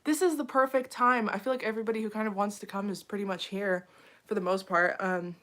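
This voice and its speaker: A woman's voice: medium pitch, steady tone, fast talker, a bit bright. A young woman chatting casually on a home live stream, frazzled and full of fillers, talking to viewers as she reads the chat. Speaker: livestreamer.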